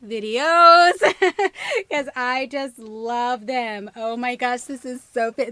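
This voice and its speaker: A woman's voice: sits high, slow pace, a little hiss or hum. A woman, gushing and gasping as she unboxes gifts in her vlog. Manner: gushing, gasping, squealing with excitement. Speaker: vlogger.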